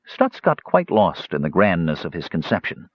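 A man reads a fantasy novel aloud with very lively, expressive pitch. His voice is husky and dry, and the recording sounds dull and lo-fi. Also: normal speed, no echo. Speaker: audiobook narrator. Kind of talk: scripted narration.

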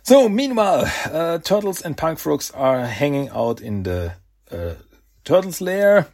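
A man hosting a podcast, casually recapping a comic in a chatty, animated way and slipping into character voices. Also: fairly high pitch, a little slow. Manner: chatty, animated retelling with laughs and voiced asides. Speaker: podcast host.

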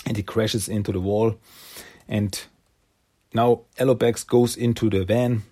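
Husky man casually recapping a comic. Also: fairly low pitch, steady tone, unhurried, dark tone. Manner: rambling with fillers, slips into character voices. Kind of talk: casual comic book retelling.

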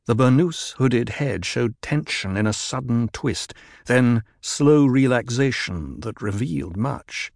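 Male narrator reading a novel, gravelly, lively pitch, dry close mic. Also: slow, dry recording. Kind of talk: audiobook narration.

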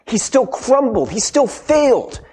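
A man's voice: very high-pitched, sing-song, a little slow, dark tone, husky. A male pastor preaching a casual, conversational sermon. He tags his points with "right?" and acts out the quotes he retells. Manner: tags many sentences with "right?"; acts out quoted speech in character.

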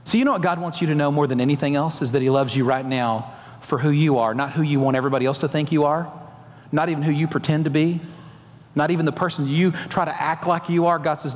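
A man's voice: a little high, lively intonation, fast. A male pastor preaching a sermon, asking the congregation emphatic questions and acting out the voices in a story. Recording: long hall reverb.

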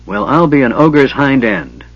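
A man's voice: mid-range voice, expressive, a little fast, dry recording. A man voicing a stubborn, grumpy old male dwarf warrior who grumbles and bursts out angrily. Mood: angry. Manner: gruff, grumbling, explosive. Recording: dull lo-fi recording.

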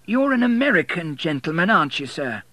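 A man's voice: on the high side, sing-song, a little fast, pushed and bright, no echo, voice pushed up, heavily acted. A man doing a condescending old church warden. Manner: condescending, drawn out.

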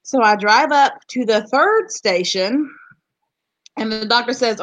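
A woman's voice: on the high side, animated, a little slow, a bit bright. A woman from West Virginia, a podcast co-host in casual chat, telling a story bluntly and swearing freely.

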